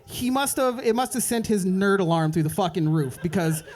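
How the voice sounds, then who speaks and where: A young man doing a stand-up set at an open mic night, telling a rambling story and dropping into quick voices for the people in it. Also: high-pitched, lively intonation, darkish tone. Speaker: stand-up comedian. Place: open mic comedy club.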